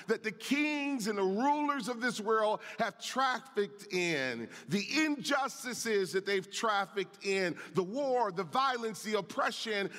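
A man preaching a sermon as pastor, calling out to the congregation and reading scripture. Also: high voice. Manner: animated preaching, calls out to the congregation; reads and comments on scripture. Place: church sanctuary. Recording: long reverb of a large hall.

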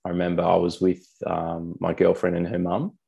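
A man's voice: deep voice, completely flat delivery, normal speed, gravelly, dark tone, husky. A young man speaking candidly as a podcast guest, blunt, swearing casually and calling people mate. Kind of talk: candid conversational storytelling.

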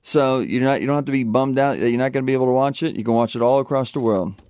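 Brisk male radio co-host, dry. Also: mid-range voice, darkish tone, no room sound. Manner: brisk, promotional. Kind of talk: radio announcements and banter.

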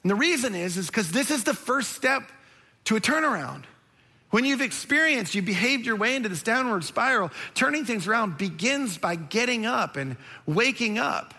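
Male pastor, high bright voice, chatty and emphatic sermon delivery. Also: animated, moderate pace. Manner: conversational and emphatic, many restarts.

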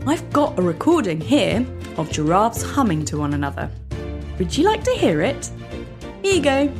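This children's podcast host reads animatedly from a script, regularly asking the kids listening questions. She speaks over music in a mid-range voice at a moderate pace.

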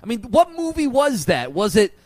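A man's voice: very high voice, very animated, normal speed, darkish tone, no echo. A man hosting a sports radio show from the studio, chatting loosely and laughing easily. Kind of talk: casual sports radio talk.

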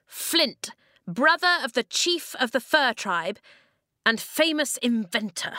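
A woman's voice: mid-range voice, lively intonation, a little slow, pushed and bright, dry recording, studio quality. A woman voicing a brave, defiant boy inventor who speaks up proudly. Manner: bold, proud.

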